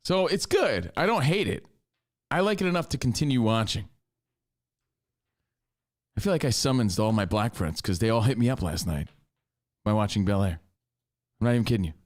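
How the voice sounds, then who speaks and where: A man's voice: fairly low pitch, moderate pace, pauses often. A man co-hosting a podcast, telling stories in casual, joking chat. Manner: joking, lively storytelling. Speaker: podcast co-host.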